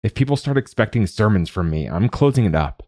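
Guy putting on a young woman's voice, stubborn and fed up, raised a bit higher than his own, dry sound. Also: animated, brisk, a little mellow, dry recording. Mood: exasperated. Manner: blunt, exasperated protests.

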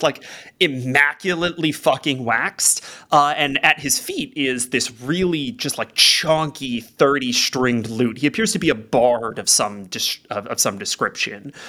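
A man running a tabletop game, narrating scenes in a casual, profane, filler-heavy way. His voice is bright and his intonation swings widely. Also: medium pitch. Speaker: game master.

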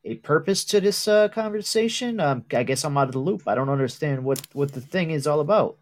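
Male co-host, slightly high pitch, hesitant and questioning. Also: lively intonation, brisk. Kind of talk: casual radio show banter.

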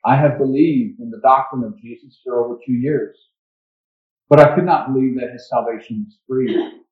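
A man reading the lines of an old Indian pearl diver and grieving father in a slow, earnest storytelling voice. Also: mid-range voice, fairly even intonation, natural voice. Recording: dull echoey church recording.

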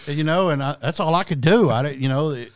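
A podcast host with a slightly high voice tells a long, profane story at a fast clip. It's casual, rambling storytelling full of restarts.

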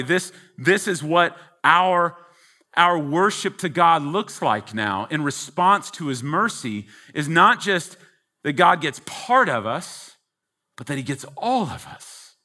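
A man's voice: mid-range voice, sharp tone. A man preaching a sermon, teaching earnestly and emphatically from scripture. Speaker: pastor.

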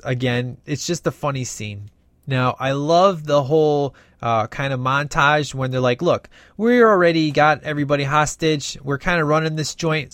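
A man's voice: a little high, no echo. A man casually reviewing a film in a rambling, enthusiastic way, with many fillers. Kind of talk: casual movie review monologue.

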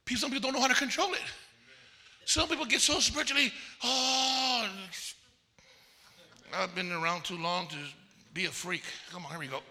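A man preaching a sermon at a leadership conference, telling animated stories and acting out the voices of people he quotes. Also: high-pitched, quick pace. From Texas. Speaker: pastor. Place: conference hall. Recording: long hall reverb.

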